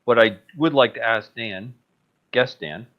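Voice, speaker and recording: A man's voice: medium pitch, measured pace. Muffled-sounding male panelist. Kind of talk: panel discussion.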